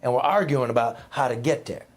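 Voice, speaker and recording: Speaking a little fast at medium pitch, a middle-aged man who used to be a newspaper reporter tells heartfelt stories as a guest. His conversational storytelling is rambling and emphatic.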